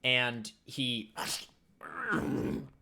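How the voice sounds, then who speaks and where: Bright-voiced male game master. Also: mid-range voice, steady tone, very slow. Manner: casual and descriptive, many fillers. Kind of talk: narrating a tabletop game.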